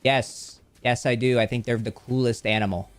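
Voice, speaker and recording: A young man hosting a casual gaming livestream. He rambles and jokes with chat, with sudden excited outbursts. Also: medium pitch, normal speed. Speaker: livestream host.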